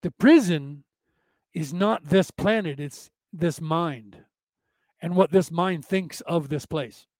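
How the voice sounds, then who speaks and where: High-voiced rambling man host. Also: slow, a little mellow, no echo. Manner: rambling, repetitive, preachy. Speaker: podcast host. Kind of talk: casual spiritual talk.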